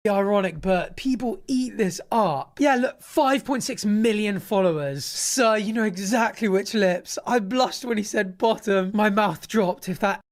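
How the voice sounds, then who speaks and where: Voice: mid-range voice, a little slow, hardly any pauses. A reaction video creator giving amused, gossipy commentary on clips.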